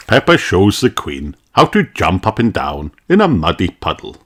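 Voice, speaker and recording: A reader narrating a children's picture book aloud, with a lively and expressive storytelling manner. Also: low voice, normal speed, slight background noise.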